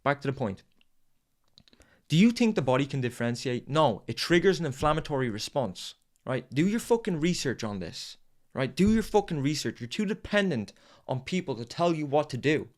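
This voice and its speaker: A man's voice: fairly high pitch, sing-song, normal speed, a little mellow. A man hosting a podcast, delivering an intense, profane motivational monologue. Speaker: podcast host.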